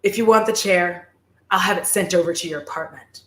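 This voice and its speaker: Smug rich young man, low and level, roomy sound, read by a woman. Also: brisk, natural voice. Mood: smug, cool.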